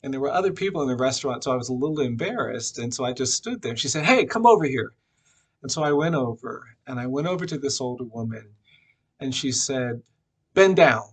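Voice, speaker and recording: Gravelly-voiced man telling a personal story. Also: mid-range voice. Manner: reflective, unhurried, frequent "uh" fillers. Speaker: memorial speaker.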